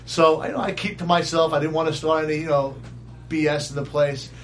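Brief: animated male storyteller with a high voice who laughs along as he tells it. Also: a little fast, slight background noise. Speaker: guest storyteller. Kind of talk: casual storytelling.

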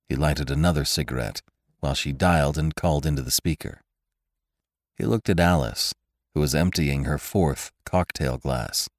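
A man narrating a story in a scripted, expressive read that swells in action scenes. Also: a bass voice, normal speed, no room sound, clean studio sound. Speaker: audiobook narrator.

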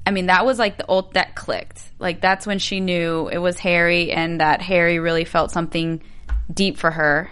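A woman's voice: fairly low pitch, level tone, moderate pace, fairly bright tone, clear, resonant tone. A woman in a casual group chat about a reality show, chatty and often losing her train of thought.

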